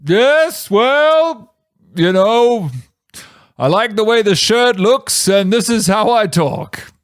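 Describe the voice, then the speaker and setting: A loud, pompous inspector, put on by a man in a comic podcast bit. He is brash and self-assured, and sounds very certain of himself. The recording is dry and close. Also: sits high, lively intonation, takes it slowly, clear, resonant tone, no room sound, voice pushed up. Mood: showy. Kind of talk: comedic podcast character bit.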